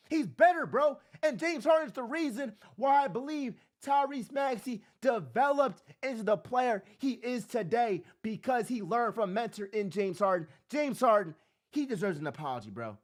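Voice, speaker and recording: Fired-up man ranting about sports, high and lively. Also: moderate pace. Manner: fired-up, emphatic, says "bro" constantly. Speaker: sports talk show host. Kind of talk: impassioned sports rant.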